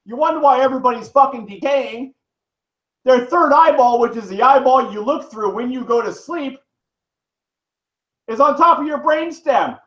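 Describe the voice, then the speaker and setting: High-voiced man ranting angrily, echoey. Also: lively intonation, moderate pace, fairly bright tone. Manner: profane, heated, rambling. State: in pain. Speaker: vlogger. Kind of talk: angry direct-to-camera rant. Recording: echoey room, dull lo-fi sound.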